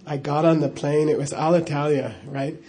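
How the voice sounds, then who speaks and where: A man's voice: on the high side, fairly even intonation, normal speed, mellow. A middle-aged man telling a personal story in a casual, rambling way, with frequent chuckles and "you know" asides. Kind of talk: casual spoken anecdote.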